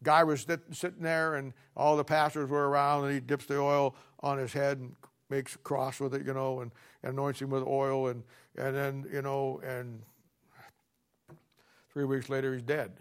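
A man's voice: medium pitch, level tone, moderate pace, smooth. A man preaching a sermon, telling a story with a sarcastic, folksy humor and reading scripture aloud.

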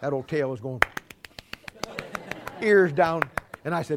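A man preaching a sermon in an animated, humorous way, stammering restarts and acting out little scenes. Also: on the high side, unhurried, long pauses, slight background noise.

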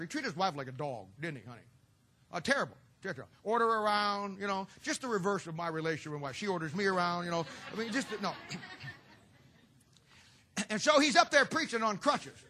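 A man's voice: high-pitched, sharp tone. A middle-aged man preaching a humorous sermon to a church audience, telling stories with folksy, sarcastic asides.

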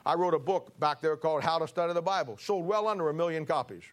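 A man's voice: on the high side, fast talker, a little hiss or hum. A man preaching a sermon in an emphatic, folksy way, with rising bursts. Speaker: pastor.

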